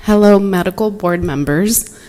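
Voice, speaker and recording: A woman's voice: mid-range voice, a little slow, warm tone, slight background noise, rough recording. A woman therapist giving earnest, emotional public comment at a board meeting, reading prepared remarks.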